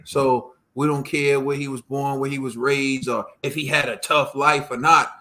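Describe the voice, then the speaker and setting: A man's voice: mid-range voice, steady tone, normal speed, sharp tone. Slangy American podcast host man. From United States. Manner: slangy, teasing, says yo and bro. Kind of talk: casual chat.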